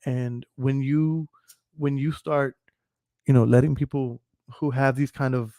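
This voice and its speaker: A man's voice: mid-range voice, little pitch movement, a little slow, dark tone, dry recording, clean studio sound. A man hosting a podcast, ranting casually and profanely, rambling and laughing often as he talks. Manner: profane, rambling, laughs often, repeats "you know what I'm saying". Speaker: podcast host.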